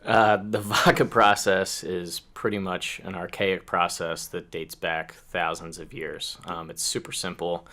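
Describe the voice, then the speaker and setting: A man's voice: deep voice, little pitch movement, unhurried, hardly any pauses, sharp tone. A man, a company co-founder, answering interview questions casually and unhurriedly, with many fillers.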